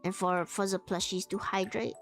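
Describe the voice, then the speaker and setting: A woman's voice: mid-range voice, steady tone, moderate pace, fairly bright tone, faint music behind. Giggly woman chatting on a livestream. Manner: chatty and giggly, lots of fillers. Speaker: streamer. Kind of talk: casual livestream chat while sewing.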